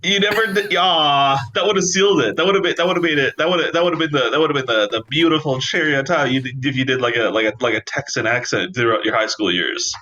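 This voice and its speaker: A man's voice: medium pitch, a little fast, few pauses, bright, forceful tone, lo-fi sound. A young man, a podcast guest who teases the others playfully. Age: young adult. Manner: teasing and playful. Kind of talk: casual podcast chat.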